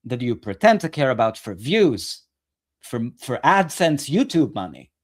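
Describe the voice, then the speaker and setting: A man's voice: mid-range voice, big pitch swings, measured pace. Male political commentator ranting on camera, sarcastic and profane.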